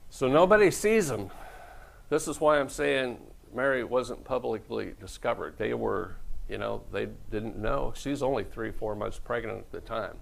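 Pastor, middle-aged man, gravelly voice, preaches with jokes and acted-out quotes. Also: medium pitch, normal speed, poor audio. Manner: joking, storytelling, acts out quoted voices. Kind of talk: humorous sermon.

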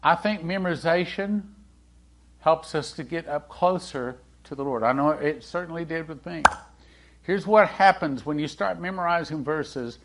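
A man preaching a sermon in a conversational way, asking the congregation questions and swinging between loud and hushed delivery. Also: fairly high pitch, normal speed, a little hiss or hum. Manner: animated, swings from loud to hushed, acts out quoted dialogue.

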